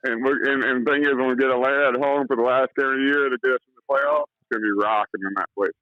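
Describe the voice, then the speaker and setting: A man's voice: medium pitch, steady tone, rapid-fire, no echo. A man calling in to a sports radio show, an eager fan who stammers and restarts. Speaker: caller. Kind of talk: phone-in sports chat. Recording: muffled phone-call audio.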